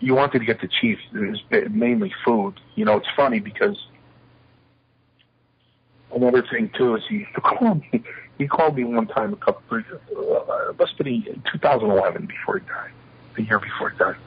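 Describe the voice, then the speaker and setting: A retired wrestler spins lively anecdotes in a sit-down interview, voicing the back-and-forth of each exchange himself. His voice is very husky, and the recording sounds dull and lo-fi. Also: medium pitch, moderate pace. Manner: lively anecdotes, acting out quoted dialogue. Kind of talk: shoot interview storytelling.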